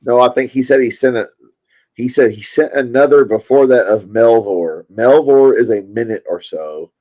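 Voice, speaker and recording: A man's voice: mid-range voice, normal speed, warm tone, rough recording. A man talking casually on a livestream, swearing and laughing as he tells stories. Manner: swearing, laughing, loose storytelling.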